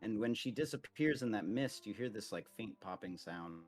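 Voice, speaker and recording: A man's voice: fairly low pitch, animated, normal speed, soft background music. A man narrating a tabletop game as game master in a casual, rambling way, full of "like" fillers.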